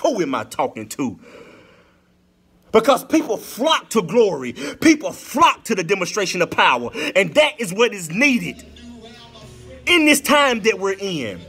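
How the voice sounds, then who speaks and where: A man preaching an impassioned sermon, with a sing-song cadence that rises into shouts. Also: high-pitched, very animated, a little slow, breathy edge, soft background music.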